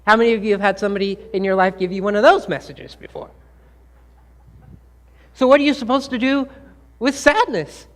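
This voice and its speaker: A man's voice: high voice, expressive, brisk, pauses often, fairly bright tone. A man giving a talk to a live audience, asking them questions and acting out the scolding things people say. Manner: engaging, asks the audience questions and acts out quoted scolding. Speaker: speaker.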